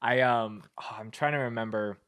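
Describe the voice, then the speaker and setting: A man's voice: medium pitch, steady tone, moderate pace, a bit bright, clean tone. A man from Canada hosting a podcast, telling stories in a loose, rambling way full of "like" and "um". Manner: rambling, filler-heavy storytelling with frequent laughs. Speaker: podcast host. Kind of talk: casual chat.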